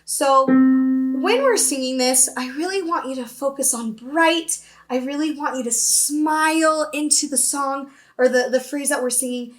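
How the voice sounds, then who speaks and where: A woman's voice: high voice, a little slow, soft background music. A young woman teaching an upbeat virtual voice lesson, explaining terms and checking in with her students. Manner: upbeat, explains then demonstrates, often checks with "okay?".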